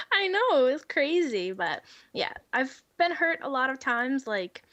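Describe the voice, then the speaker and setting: Young woman guest, giggly animated storyteller, very lively pitch, dry close sound. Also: takes it slowly, no room sound. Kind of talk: casual storytelling chat.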